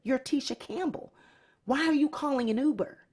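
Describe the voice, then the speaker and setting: A woman's voice: high-pitched, normal speed, a little mellow. A woman hosting a celebrity gossip show, talking casually and sassily straight to her viewers. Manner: sassy, talks straight to viewers. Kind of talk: casual commentary.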